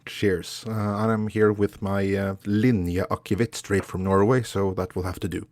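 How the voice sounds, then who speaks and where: A man appearing as a guest on a casual livestream, chatting in a relaxed way about his travels. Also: fairly low pitch, normal speed, dry recording. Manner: relaxed, chatty, occasional fillers.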